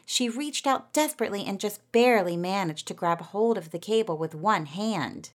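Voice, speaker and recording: A woman narrating a children's storybook in a gentle, expressive reading voice. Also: mid-range voice, normal speed, hardly any pauses.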